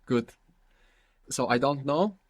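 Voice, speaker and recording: A man's voice: medium pitch, animated, takes it slowly, no room sound. A man teaching a language lesson, patiently prompting his student with questions.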